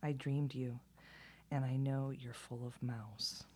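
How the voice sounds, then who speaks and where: A woman voicing a calm, knowing storybook lizard. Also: extremely low pitch, a little hiss or hum, voice pushed down. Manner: soft, slow, knowing.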